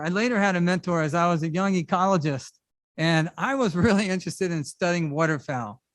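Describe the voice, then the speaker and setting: Middle-aged male pastor, high-pitched and conversational, animated sermon delivery, dry recording. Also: dry recording. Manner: conversational and animated, with casual asides. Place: church service.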